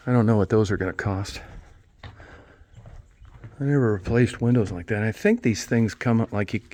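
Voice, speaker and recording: A man's voice: lowish voice, normal speed, mellow. A middle-aged man rambling in a casual vlog, swearing a lot and mocking himself in a wry, ranting way. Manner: profane, wry, self-mocking rant. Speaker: vlogger.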